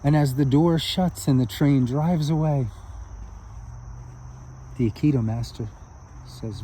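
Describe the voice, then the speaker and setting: A man's voice: medium pitch, takes it slowly, long pauses, dark tone, slight background noise. A man telling a spiritual story outdoors in an earnest, heartfelt way.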